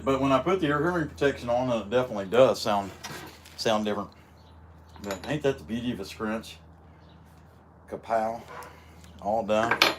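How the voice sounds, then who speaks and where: A man's voice: mid-range voice, a bit bright, a little hiss or hum. A middle-aged man rambling in a folksy way on a live stream, talking while chewing as he works on a chainsaw in his workshop. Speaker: livestream host, chainsaw carver. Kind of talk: casual live-stream chat.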